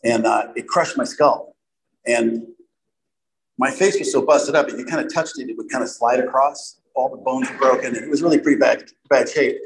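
A man's voice: mid-range voice, normal speed, vocal fry, a little hiss or hum, low-quality recording. Candid middle-aged man telling his story. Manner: candid, rambling, with frequent "you know" asides. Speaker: speaker sharing a recovery story. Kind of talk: personal testimony talk to an audience.

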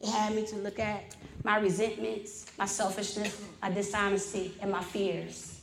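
A woman giving a personal recovery testimony at a meeting. She talks in an animated, informal way and swings from loud emphasis to quiet reflection. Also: mid-range voice, normal speed, vocal fry, a little hiss or hum. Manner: animated storyteller, loud and soft by turns; informal, colloquial grammar.

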